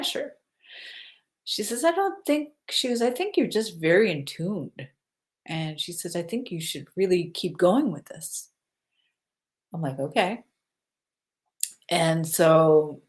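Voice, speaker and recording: A woman who works as a psychic medium, telling a story in a casual, chatty way and laughing now and then. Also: fairly low pitch. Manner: unhurried and chatty, laughs as she recounts.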